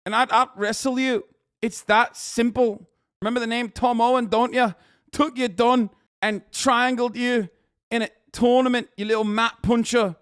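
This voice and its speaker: A brash, combative young English lad, as a man puts him on, pitched well above his normal voice and pushing hard. The delivery is loud and mocking, and it sits in a dry, close-up sound with no room around it. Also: fairly even intonation, moderate pace, no echo. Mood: taunting.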